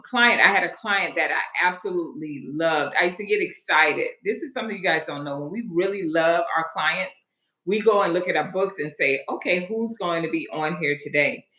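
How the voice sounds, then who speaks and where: A woman in her forties tells a long salon story to her live viewers, wandering off on side notes and calling out to people watching. Her voice is low-pitched but bright and forceful. She records in an echoey room. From Florida. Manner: chatty, digressive, greets viewers mid-story. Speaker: hairstylist hosting a live stream. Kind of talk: casual storytelling to a live audience.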